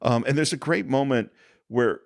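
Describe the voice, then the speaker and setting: A man's voice: medium pitch, moderate pace, creaky, no echo, studio quality. A man hosting a podcast, casually and enthusiastically retelling film scenes and acting out the quotes. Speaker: podcast host.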